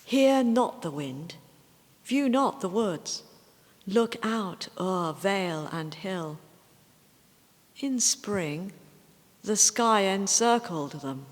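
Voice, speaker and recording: A woman reads poems aloud at an unhurried pace, weighing each line. Her voice rings out in a hall with a long reverb, and her asides between poems are hesitant and chatty. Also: medium pitch, animated. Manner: slow, measured recitation with hesitant chatty remarks between poems. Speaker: poetry reciter. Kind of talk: poetry recital with casual asides.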